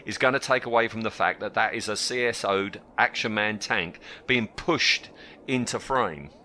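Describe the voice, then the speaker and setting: A man co-hosting a casual podcast, recapping episode scenes with lively asides. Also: lowish voice, moderate pace, a little hiss or hum. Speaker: podcast co-host. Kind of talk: casual chat about a TV episode.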